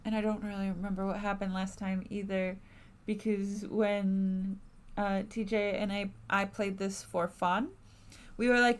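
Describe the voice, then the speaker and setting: Woman streamer: slow, rambling, enthusiastic let's-play chat recorded at home. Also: medium pitch, flat delivery. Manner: chatty, rambling, enthusiastic with many fillers. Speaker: streamer playing a narrative game.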